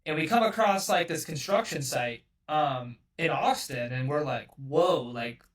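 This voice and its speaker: A man's voice: on the high side, moderate pace, distant mic. A man from California telling a story as a podcast guest, loose and rambling, swearing often and filling every gap with "like". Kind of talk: casual storytelling.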